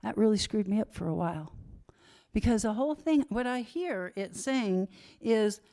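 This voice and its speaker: A woman's voice: mid-range voice, expressive, moderate pace, mellow. A middle-aged woman speaking candidly to an audience at a recovery conference, self-deprecating and building to emphatic repetition.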